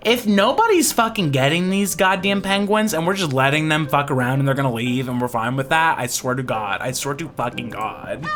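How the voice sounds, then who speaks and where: Woman streamer, let's play commentary, excitable, swears, laughs, low voice, lively pitch. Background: game music.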